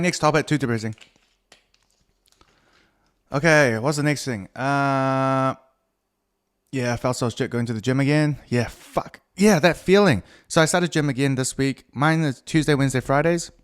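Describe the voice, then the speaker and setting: A man's voice: medium pitch, moderate pace, pauses often, clear, resonant tone. A middle-aged man hosting a solo podcast, rambling casually and swearing a lot with self-mocking humor. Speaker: podcast host.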